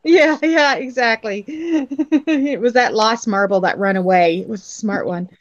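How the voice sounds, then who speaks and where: A woman's voice: on the high side, measured pace, highs cut off. A woman from Newfoundland with a faint Newfoundland accent, telling stories in a casual group chat and laughing often. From Newfoundland, Canada. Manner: chatty storyteller, laughs often.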